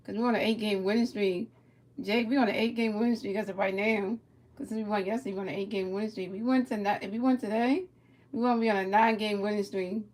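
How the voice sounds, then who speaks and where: A woman's voice: medium pitch, a little mellow. A woman streamer giving casual play-by-play of a baseball video game, chatting with a viewer and stumbling over repeated words.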